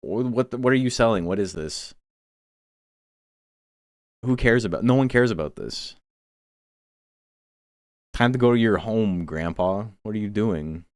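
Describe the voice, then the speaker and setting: Low-voiced man rambling casually. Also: a little slow, pauses often, no echo, studio quality. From Toronto, Canada. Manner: rambling and swearing, with laughs between anecdotes. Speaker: streamer hosting a game tournament. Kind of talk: casual chat between matches.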